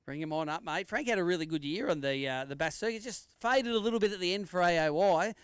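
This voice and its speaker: A man's voice: high-pitched, fast, clean tone, dry recording, studio quality. Australian man emceeing a weigh-in. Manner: jokey banter with anglers, announcing weights and standings. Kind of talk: live weigh-in commentary.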